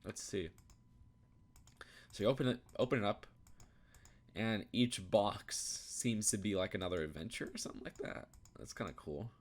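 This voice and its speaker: Young male reviewer, lowish voice, rambling, thinks aloud, restarts often. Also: moderate pace, long pauses. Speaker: YouTube reviewer. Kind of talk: casual commentary while browsing.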